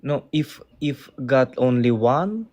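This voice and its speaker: A man calling into a debate show, halting and hesitant. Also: medium pitch, lively intonation, a little mellow. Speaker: caller.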